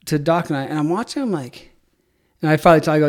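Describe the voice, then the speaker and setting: A middle-aged man, a head athletic trainer, telling animated stories in a casual interview and acting out quoted dialogue. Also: a little high, fast.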